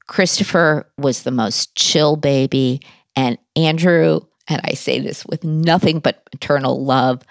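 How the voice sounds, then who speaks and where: A woman speaks in a low, slow voice with plenty of gravelly fry. She tells a personal story candidly in an interview, with a wry, conversational touch. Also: dry recording, studio quality. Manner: candid, conversational, self-deprecating humor. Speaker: interview guest.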